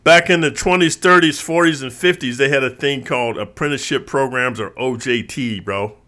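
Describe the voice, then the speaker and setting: A man's voice: mid-range voice, fairly quick. A man hosting his own channel, delivering a profane, streetwise rant to viewers, saying "bro" constantly and acting out quoted people. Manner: lively, mimics others in quoted voices. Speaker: channel host. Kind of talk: ranting monologue to viewers.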